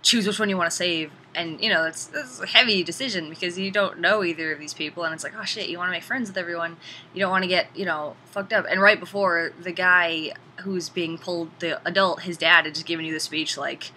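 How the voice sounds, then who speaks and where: A woman casually reviewing a video game in an animated, chatty way, sometimes swearing. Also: on the low side, fairly quick, slight background noise, rough recording.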